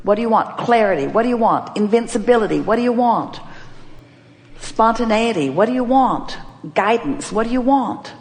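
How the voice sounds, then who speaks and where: A woman's voice: a little high, lively intonation, normal speed, a little mellow. A woman giving an inspirational seminar talk, emphatic and playful, repeating her questions to the audience. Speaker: inspirational speaker.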